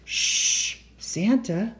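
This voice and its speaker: A gentle reindeer speaks in a soft, hushing whisper, as a man puts it on. The voice is mellow and low-key, a calm storybook creature. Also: moderate pace.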